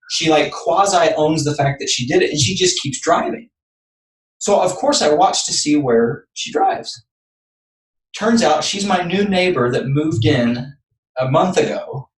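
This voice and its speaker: A man's voice: a little high, big pitch swings, a little slow, distant mic. Man telling a story in an echoey room. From Texas. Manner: earnest, building up anecdotes step by step. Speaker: podcast guest. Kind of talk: personal storytelling.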